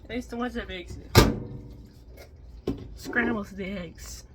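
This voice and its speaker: A young woman ranting casually in a home vlog, swearing and frustrated, jumping between loud outbursts and low muttering. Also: takes it slowly, very noisy. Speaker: vlogger.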